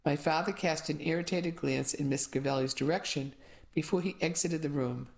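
A woman's voice: low-pitched, normal speed, creaky, darkish tone. A woman giving first-person audiobook narration with wry, dry asides.

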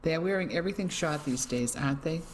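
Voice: mid-range voice, fast, slight background noise, close to an everyday voice. The narrator voicing a chatty middle-aged woman friend in a friendly, conversational tone.

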